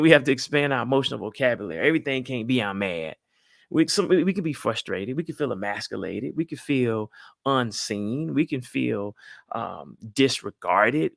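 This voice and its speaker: A man giving lively marriage advice to a crowd, folksy and animated, often calling out to the audience. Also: mid-range voice, vocal fry, dry recording, studio quality. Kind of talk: lively talk to a live audience.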